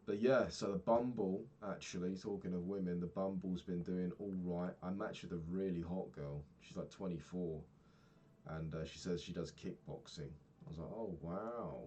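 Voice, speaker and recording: Young guy with a really deep voice just rambling about his day, swears a lot, lots of ums, faint hum in the background. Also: fairly even intonation, moderate pace, mellow. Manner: rambling, frank, swears casually, many fillers. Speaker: vlogger. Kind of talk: casual daily vlog monologue.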